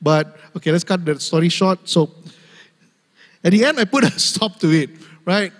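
Young man, pastor, humorous sermon, frequent laughter, high voice, long hall reverb. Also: expressive, moderate pace, a bit bright. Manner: laughs often, mimics voices in asides.

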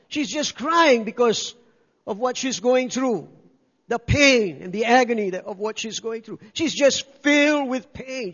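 An older man preaching with a strikingly high voice, pressing his points by repeating words and calling out for amens. His voice rings through a reverberant church hall and sounds a little dull and muffled. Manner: emphatic, repeats key words, calls for amens. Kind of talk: sermon.

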